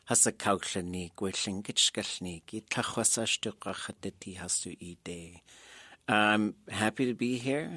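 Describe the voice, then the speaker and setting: A man speaking calmly as a guest in a radio studio interview. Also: on the low side, dry recording. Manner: calm, speaks an Indigenous language before switching to English.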